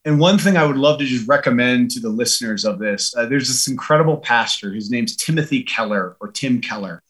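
A man's voice: medium pitch, a little fast, fairly bright tone, husky. A man being interviewed, a former military advisor, talking in an earnest, reflective way with many "you know" and "like" fillers. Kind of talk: reflective conversational storytelling.

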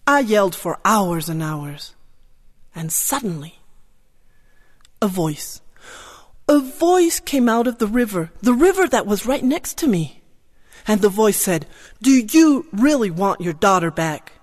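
A woman telling a first-person tale with strong expression, moving from hushed to loud with drawn-out repetitions. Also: medium pitch, big pitch swings. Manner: drawn-out repetitions and soft exclamations. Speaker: storyteller. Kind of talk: dramatic first-person storytelling.

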